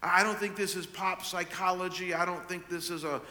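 A man's voice: high voice, fairly even intonation, moderate pace, pushed and bright. An older man pastor preaching a sermon, telling a story with many restarts and repeated words. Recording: echoey hall with long reverb.

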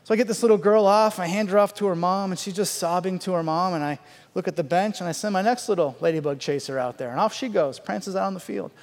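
A high-voiced middle-aged man spins a comic story on stage, building to loud outbursts and then dropping to quiet asides. His voice carries a long reverb from a large hall. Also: fast talker. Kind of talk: stand-up storytelling.

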